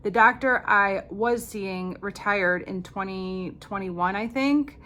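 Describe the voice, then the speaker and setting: A woman in her fifties, a makeup vlogger, talks slowly in a mid-range voice that sounds pushed and bright. In this casual get-ready-with-me chat, she rambles through stories with dry, sarcastic asides while doing her makeup.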